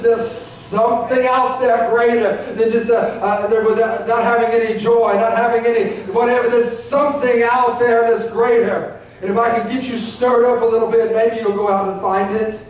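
A man's voice: very high-pitched, little pitch movement, normal speed. A man preaching an impassioned, emotional sermon as pastor of a church, captured from a distance in the sanctuary. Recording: echoey church recording from far off.

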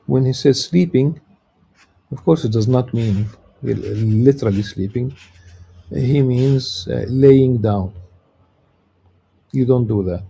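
Low gravelly guy lecturing, dark mellow tone, lots of uhs and restarts. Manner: halting, frequent filler sounds and restarts. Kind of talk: lecture reading and explaining a religious text.

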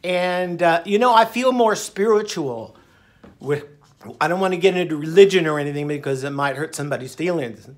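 A middle-aged vlogger with a fairly high-pitched voice speaks fairly quickly to camera. His casual talk is upbeat and rambling, and now and then he breaks into song.

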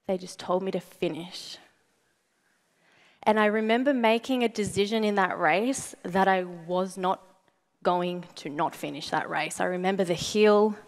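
Woman motivational speaker, young adult, animated storytelling, asks the audience questions, acts out her own lines, voice of moderate pitch. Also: unhurried. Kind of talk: storytelling keynote talk to a live audience.

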